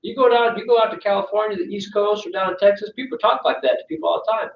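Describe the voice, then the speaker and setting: A sales trainer with a high, creaky voice talks fast to a live audience in a meeting room, keeping things conversational with constant "right?" check-ins and acted-out client phone calls. The echoey, distant, dull recording has slight background noise.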